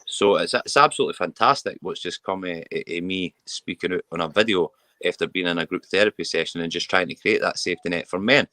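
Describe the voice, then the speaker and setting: Deep-voiced earnest Scottish man. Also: quick pace, few pauses, bright, forceful tone, dry recording. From Scotland. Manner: earnest, repeats words and restarts when moved. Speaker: mental health campaigner, guest. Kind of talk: candid interview talk.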